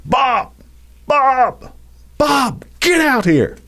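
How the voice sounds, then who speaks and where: A man with a Louisiana drawl doing a stern Southern father issuing threats. The voice shouts high, then drops to slow, menacing demands. The pitch swings widely. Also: big pitch swings. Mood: yelling.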